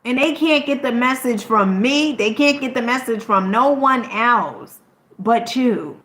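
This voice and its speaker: A woman's voice: on the high side, a little slow, fairly bright tone, echoey room, a little hiss or hum, rough recording. A woman content creator giving an emphatic, preachy motivational talk to her viewers. She keeps checking in with "okay?" and swears casually.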